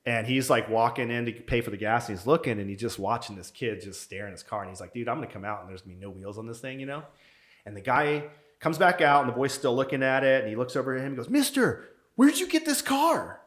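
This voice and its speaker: A man guest telling stories in casual talk, acting out quotes with lively energy and saying "dude" often. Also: mid-range voice, quick pace. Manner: animated, acts out quotes, says "dude" a lot. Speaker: podcast guest. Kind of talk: casual storytelling.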